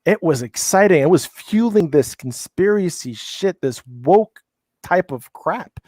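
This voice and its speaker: A man's voice: a little high, animated, measured pace, darkish tone, no room sound. A middle-aged man speaking in a casual panel discussion, heated and profane, often restarting his sentences.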